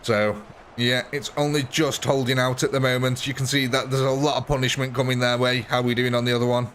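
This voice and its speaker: A man talks through a battle game on a live stream, chatty and amused. His voice sits at an ordinary middle pitch, with faint ambience behind him. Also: flat delivery, fairly quick, a bit bright, a little hiss or hum. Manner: chatty, amused, thanks viewers and answers chat. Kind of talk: live gameplay commentary.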